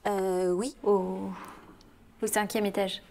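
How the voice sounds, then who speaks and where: An actress playing a shy young French woman who speaks halting English with a French accent; her first language is French. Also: medium pitch, level tone, dark tone, slight background noise. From France. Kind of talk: film drama acting.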